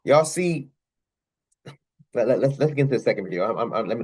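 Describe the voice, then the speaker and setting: A man's voice: medium pitch, lively intonation, quick pace, a little mellow, slightly rough. A young man hosting his channel, giving casual commentary on news clips. He talks straight to his viewers, repeats himself and fires off rhetorical questions. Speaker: channel host.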